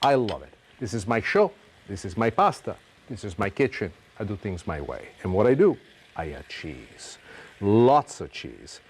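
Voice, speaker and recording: A man's voice: fairly low pitch, sing-song, brisk, a little hiss or hum. A middle-aged man with an Italian accent, hosting a cooking demonstration in a playful, theatrical way and dropping Italian phrases. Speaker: cooking show host.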